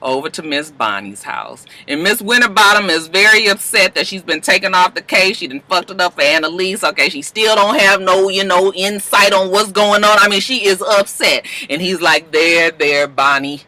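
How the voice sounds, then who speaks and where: A woman's voice: mid-range voice, normal speed, few pauses, sharp tone, rough recording. A woman vlogging a casual, sassy episode recap, chatty and playful as she talks. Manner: sassy, chatty, quotes characters in voices. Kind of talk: casual chat.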